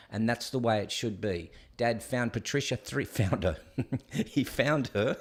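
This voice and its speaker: A man, hosting a live show and telling stories in a rambling, conversational way full of fillers. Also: mid-range voice. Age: 60s. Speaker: podcast host. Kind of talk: live casual chat and rant.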